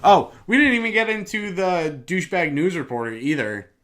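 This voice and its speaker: Laid-back co-host with a bright, forceful voice. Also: medium pitch, expressive, moderate pace. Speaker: podcast co-host. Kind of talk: casual movie review chat.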